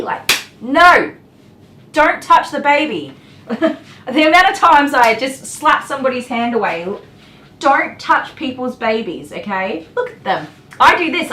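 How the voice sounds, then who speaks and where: Blunt middle-aged Australian woman, dog groomer chatting to a live audience, pitched a little high, heard in an echoey room. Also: animated, moderate pace, bright, forceful tone, distant mic. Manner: blunt, exasperated, swears mildly and laughs often. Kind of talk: casual livestream chat. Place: grooming salon.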